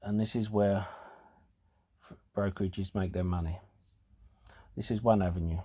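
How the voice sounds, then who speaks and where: A man hosting a casual talk show, explaining things in a halting way with fillers and restarts, and sounding out of breath. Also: low voice, fairly even intonation, warm tone. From United Kingdom. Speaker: host.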